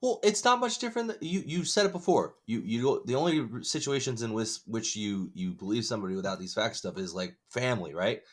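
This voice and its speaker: A man's voice: mid-range voice, expressive, fairly quick, few pauses. A man co-hosting a podcast, chatting casually with laid-back, wry remarks. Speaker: podcast co-host. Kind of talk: casual chat.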